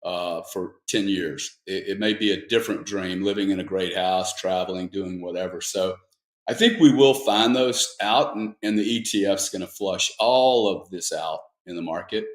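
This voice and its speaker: A man's voice: low-pitched, moderate pace, echoey room. A man speaking as a guest panelist, rambling and emphatic in an opinionated discussion.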